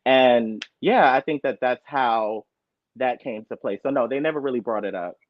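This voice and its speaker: A man's voice: mid-range voice, normal speed. An earnest man speaking as a guest on a casual panel chat, stressing his points. His voice comes through dry and a little muffled, with no room echo.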